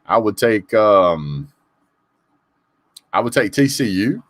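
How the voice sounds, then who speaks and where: This man's lowish voice swings widely in pitch, he talks slowly, and the recording is dry. As host of a laid-back live sports call-in show, he reads viewer comments, says hello to people by name, and shares his opinions in a chatty way.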